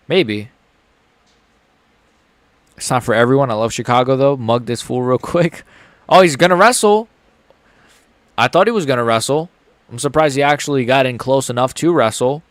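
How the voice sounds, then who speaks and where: Excitable, profane young male streamer. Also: mid-range voice, no room sound. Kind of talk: live fight reaction commentary.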